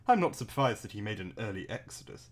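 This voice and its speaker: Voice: mid-range voice, big pitch swings, fast talker. A co-reader on a stream voicing a comic character in a fancy, posh, condescending voice. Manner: haughty, condescending delivery when reading the character. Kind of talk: casual read-aloud, posh put-on voice for one character.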